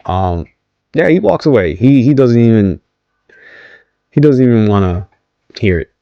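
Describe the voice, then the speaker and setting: A man's voice: mid-range voice, lively intonation, measured pace, no room sound, muffled recording. A man casually recapping a wrestling show, rambling with many ums, restarts and questions to viewers. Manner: rambling, hesitant, many ums and self-corrections; asks viewers to comment.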